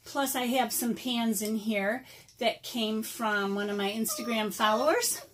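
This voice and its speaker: Speaking in an unhurried, fairly high voice, this middle-aged watercolor vlogger talks her way through an art supply unboxing. She rambles casually, says um a lot, and is a bit out of breath. A slight hiss or hum runs underneath.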